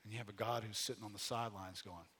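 Bright-voiced preacher with a folksy swing. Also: male voice, fairly even intonation, quick pace, breathy edge. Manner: conversational preaching, folksy asides, swells loud then drops low. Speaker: pastor. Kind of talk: sermon.

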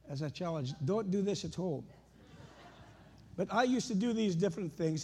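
A man's voice: high voice, mellow, husky. A Scottish man preaching a sermon, telling anecdotes and stories with rising emphasis.

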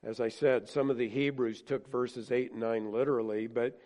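A male pastor preaching a sermon earnestly, rising to emphatic points and then dropping soft. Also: medium pitch, steady tone, normal speed.

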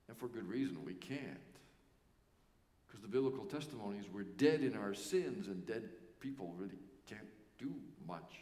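A male pastor preaching a sermon with earnest emphasis and pauses that let key words land. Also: mid-range voice, lively intonation, a little mellow. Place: church sanctuary. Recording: echoey church hall.

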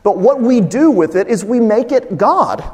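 A man preaching a sermon as a pastor, emphatic and animated, with humorous asides to the congregation. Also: very high voice, normal speed. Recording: long hall reverb.

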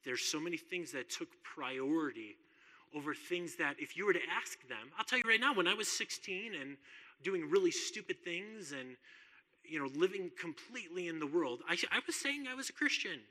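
Bright-voiced male preacher in a hall. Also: on the high side, lively intonation, normal speed. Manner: earnest, conversational, repeats words when emphasizing. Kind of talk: sermon.

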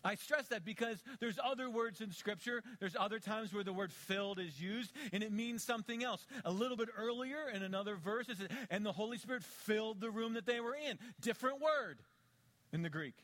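A middle-aged male pastor preaching a sermon, swinging between quiet low asides and loud emphatic peaks. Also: brisk.

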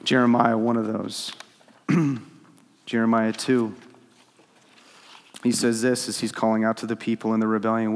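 A man preaching a sermon, acting out God's pleas and swinging between loud urgency and hushed tones. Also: fairly low pitch, fairly even intonation, normal speed, long pauses, big-room sound. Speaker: pastor.

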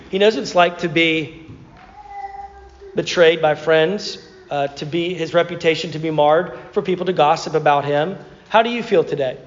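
A man's voice: on the high side, a little hiss or hum. A man preaching a sermon as a pastor, telling stories in a conversational way with repeated words. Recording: muffled sound with long hall reverb.

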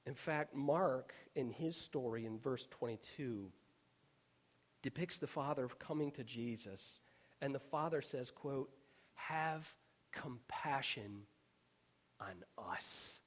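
A man preaching a sermon as pastor, earnest and emphatic, sometimes dropping to a hushed whisper on key words. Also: mid-range voice, a little slow.

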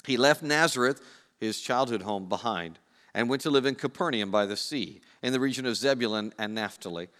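A man's voice: medium pitch, brisk, a bit bright, big-room sound. A man preaching a sermon, conversational and playful, speaking straight to his congregation. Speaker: pastor.

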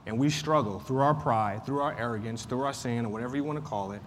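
A man's voice: mid-range voice, quick pace. A man teaching a Sunday school Bible class in a conversational way, repeating points and using frequent fillers. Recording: faint noise, long room reverb.

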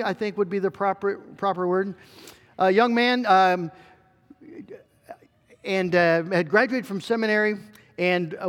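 A man's voice: sits high, long reverb tail. A middle-aged male pastor preaching a sermon in an earnest way, with fillers and restarts.

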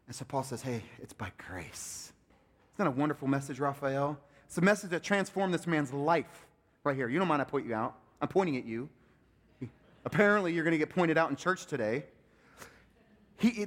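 A man with a high voice preaching a sermon from the pulpit of a church sanctuary. His delivery swings from loud, emphatic peaks down to soft, low asides. Long reverb trails each phrase through the hall. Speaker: pastor.

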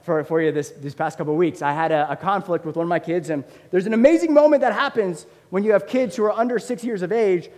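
A man in his thirties preaching a sermon as a pastor, conversational and animated, with lots of fillers. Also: high-pitched, quick pace, hardly any pauses. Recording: long hall reverb.

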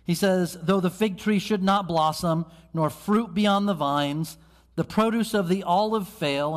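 A man preaching a sermon as pastor, earnest, with sudden swings between quick bursts and slow, quiet emphasis. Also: high voice. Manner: earnest preaching, dramatic swings in pace and loudness. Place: church sanctuary. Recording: long hall reverb.

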